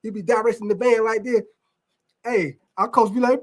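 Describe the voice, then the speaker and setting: A man's voice: high-pitched, steady tone, normal speed. Male sports talk host, casual, rambling, profane, chatting with viewers. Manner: loose, rambling, profane, addresses viewers as y'all. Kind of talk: casual live sports talk, reacting to chat.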